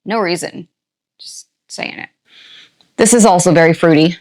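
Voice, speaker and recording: A woman's voice: lowish voice, a little mellow. Chatty older woman unboxing bath fizzies. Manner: chatty, playful, quick asides and exclamations; jokey put-on country twang. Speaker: unboxing channel host. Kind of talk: casual product unboxing chat.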